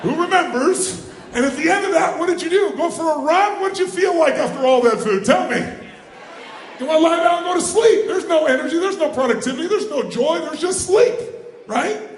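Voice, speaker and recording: A man giving a live motivational seminar, energetic and firing questions at the audience so they call out answers. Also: very high voice, a little fast, echoey room, a little hiss or hum. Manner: energetic, calls out questions and prompts the crowd to answer. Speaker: motivational speaker. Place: large room with a live audience.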